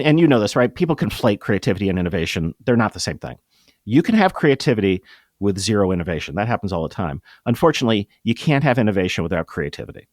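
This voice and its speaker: A middle-aged man explains his ideas as an interview guest, speaking with emphatic enthusiasm that often tumbles into quick restarts. His voice sits on the low side. The sound is dry and close, with no room echo. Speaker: guest, improv comedy producer. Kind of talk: conversational interview.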